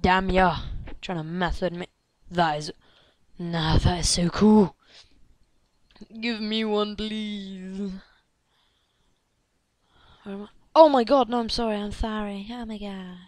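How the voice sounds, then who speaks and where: Slow-talking excitable woman gamer. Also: medium pitch, dry recording. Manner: excitable, gasping, chattering at game characters; drops into hushed whispers. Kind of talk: let's play commentary.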